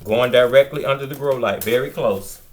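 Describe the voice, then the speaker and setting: A man's voice: medium pitch, normal speed. A man hosting a casual gardening vlog indoors at a table of seedlings, talking to viewers in an enthusiastic, chatty way. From Virginia, USA. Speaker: gardening channel host. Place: indoors at a table of seedlings under grow lights.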